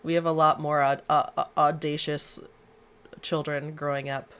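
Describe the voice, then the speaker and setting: A woman's voice: low voice, level tone, normal speed, fairly bright tone, clear, resonant tone. A woman co-hosting a podcast in casual chat, with a self-conscious, awkward manner. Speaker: podcast co-host.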